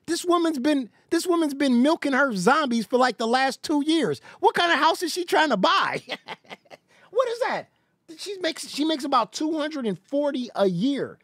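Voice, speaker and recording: A stream host ranting through reaction commentary in a mocking, incredulous tone and laughing often. The pitch swings widely, and the sound is dry and close. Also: sing-song, moderate pace, fairly bright tone, no echo.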